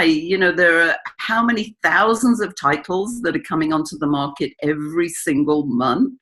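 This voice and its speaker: An English woman answering as an interview guest, in a measured, explanatory manner. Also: fairly low pitch.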